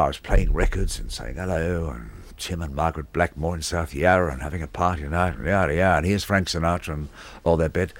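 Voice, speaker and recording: A man's voice: low voice, no room sound. An Australian man who works as a radio disc jockey, telling stories from his career in an interview and acting out the people in them. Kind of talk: anecdotal storytelling in an interview.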